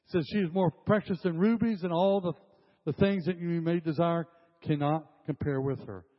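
A man's voice: fairly high pitch, steady tone, moderate pace. An older man preaching a sermon to a congregation, emphatic and repeating his phrases as he speaks directly to the room. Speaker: pastor. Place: church hall with congregation. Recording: dull lo-fi sound with long hall reverb.

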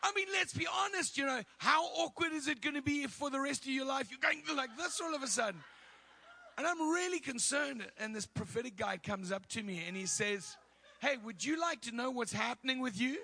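A male preacher telling a story in a sermon, animated and laughing, with loud bursts of prayer. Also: very high-pitched, a little fast, vocal fry.

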